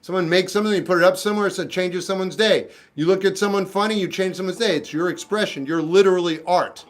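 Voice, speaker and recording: A man's voice: sits high, quick pace, faint music behind. A man casually answering chat comments on a livestream with dry, jokey, offhand replies.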